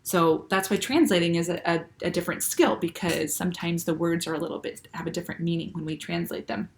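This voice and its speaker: A woman teaching young children, speaking slowly and clearly and checking often with "okay?". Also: fairly low pitch, fairly even intonation. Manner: patient, slow and clear, with many "okay?" checks. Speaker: Spanish teacher. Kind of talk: classroom lesson for children.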